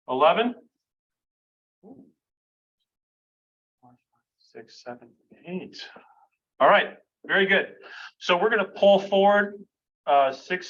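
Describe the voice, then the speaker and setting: A man running a live workshop exercise, counting votes aloud and moving the group along briskly. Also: fairly high pitch, a bit bright. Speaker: workshop facilitator. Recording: dull lo-fi room recording.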